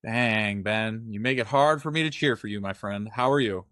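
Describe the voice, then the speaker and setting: A man's voice: on the low side, normal speed, fairly bright tone, dry recording, studio quality. A man with a Boston accent hosting a casual podcast, teasing his panel and reading sponsors like an announcer. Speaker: podcast host.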